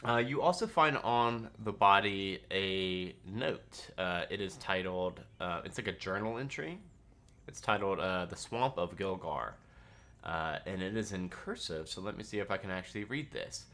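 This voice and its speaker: A man narrating a tabletop game as game master, halting with many fillers. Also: sits low, lively intonation, pushed and bright.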